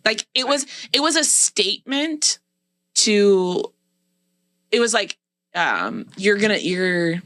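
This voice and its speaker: Woman on a podcast retelling reality tv drama, bright voice, dry close sound, does little voices for quotes. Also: fairly high pitch, sing-song, no room sound. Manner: fast storytelling, acts out quotes. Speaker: podcast co-host. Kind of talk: casual chat recapping reality TV.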